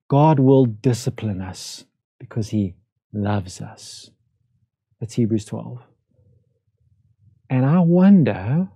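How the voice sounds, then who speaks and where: A man's voice: medium pitch, dark tone, slightly rough, no echo. A male pastor preaching a sermon in a conversational way, asking his listeners rhetorical questions. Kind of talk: livestreamed sermon. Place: church room, during lockdown.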